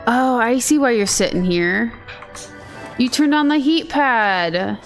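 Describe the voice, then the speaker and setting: A woman's voice: a little high, lively intonation, slow pace. A woman gaming streamer chatting casually and exasperatedly while she plays. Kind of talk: casual let's-play chat. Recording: voice over game music.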